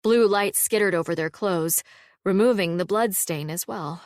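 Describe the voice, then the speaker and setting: A woman narrates a fantasy audiobook in a steady, wry storytelling voice at a middle pitch. Her close mic picks up a dry studio sound with no room echo. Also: moderate pace. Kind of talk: scripted narration.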